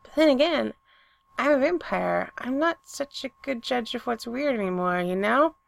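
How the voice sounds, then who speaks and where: A woman's voice: a little high, lively intonation, moderate pace, gravelly. A woman playing a nervous young male vampire. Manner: breathless and strained.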